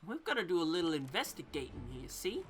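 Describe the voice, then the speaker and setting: A woman's voice: low-pitched, very animated, fast. A woman hosting a let's play, chatting playfully and explaining the game as she plays. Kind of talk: video game commentary. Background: faint game music.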